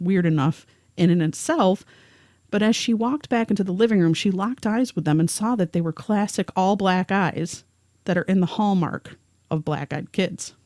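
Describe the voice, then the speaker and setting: A woman's voice: fairly low pitch, darkish tone, no echo. Podcast lady reading out a creepy first-hand story, dry sound, no room. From rural area. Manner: reads a first-hand account aloud. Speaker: podcast co-host. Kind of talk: narrated storytelling.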